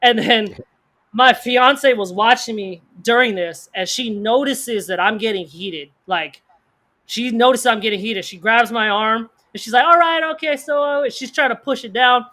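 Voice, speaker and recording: A man co-hosting a podcast, telling a story in casual slang, animated and acting out the people in it. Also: sits high. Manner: fast bursts of speech, slang-heavy. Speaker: podcast co-host.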